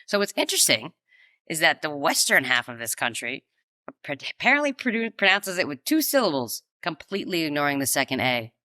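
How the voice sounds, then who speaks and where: A woman co-hosting a casual food podcast, playful and animated as she reads out debate topics. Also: low voice, fairly quick, dry recording. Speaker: podcast co-host. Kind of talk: casual chat.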